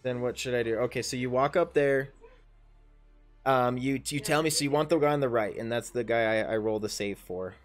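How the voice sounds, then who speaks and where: A man's voice: mid-range voice, a little fast, faint music behind. A man in his thirties acting as dungeon master on a casual livestream, thinking aloud as he reads out the adventure and calls for rolls. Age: 30s.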